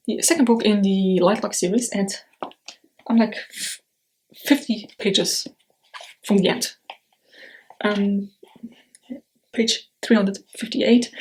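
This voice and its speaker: A woman's voice: mid-range voice, darkish tone, a little hiss or hum. A woman vlogging about books in a casual chat to camera, chatty and rambling, with blunt opinions and lots of fillers. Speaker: book vlogger.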